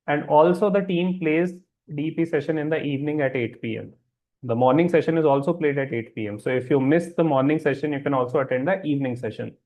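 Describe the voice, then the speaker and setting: A man's voice: a little high, quick pace, highs cut off. A man hosting a wellness webinar, reassuring listeners and often checking that they follow. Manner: reassuring, repeats check-in questions. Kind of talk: live webinar talk answering chat questions.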